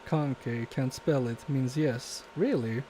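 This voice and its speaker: Man, live repair commentary, self-deprecating asides, warm low tone. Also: slow, slight background noise. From Poland. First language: Polish. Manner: muttering asides while working, self-deprecating. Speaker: repair streamer.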